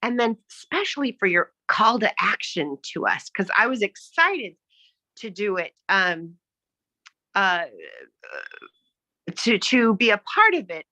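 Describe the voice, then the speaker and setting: Bright-voiced woman giving frank feedback. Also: fairly high pitch, no echo. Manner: frank, hesitant with fillers. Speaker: speech evaluator. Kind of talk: speech evaluation on a video call. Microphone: video call.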